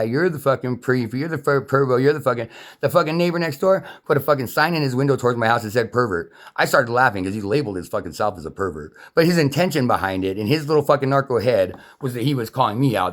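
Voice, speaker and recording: A man ranting angrily to camera, swearing constantly, his voice rising whenever he gets heated. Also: medium pitch. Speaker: vlogger. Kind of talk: angry profane rant to camera.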